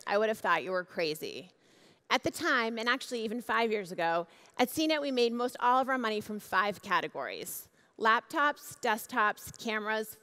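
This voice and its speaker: A woman in her forties, a keynote speaker at a conference, delivering a measured, emphatic speech with dramatic pauses from the stage. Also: fairly high pitch, fairly bright tone. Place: large conference hall. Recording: long hall reverb.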